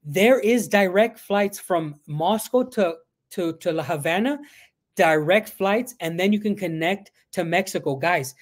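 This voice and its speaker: A man answering viewer questions on a casual live stream, reading questions aloud and rambling a little, sometimes switching into Spanish. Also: high voice. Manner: rambling, reads out chat questions, mixes in Spanish.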